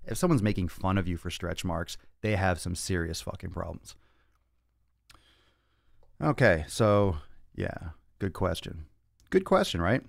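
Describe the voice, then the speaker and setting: Low-pitched, gravelly and animated, this young man talks unhurriedly with long pauses, and there's no room sound. In a casual livestream Q&A for his fitness podcast, he jokes brashly and profanely while answering viewers from a home studio with monitors and cameras.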